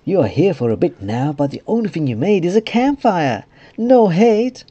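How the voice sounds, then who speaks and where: A man's voice: high-pitched, sing-song, moderate pace, warm tone, dull audio, voice pushed up. A man putting on a silly foreign-sounding voice for an eager young male game server owner. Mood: nagging.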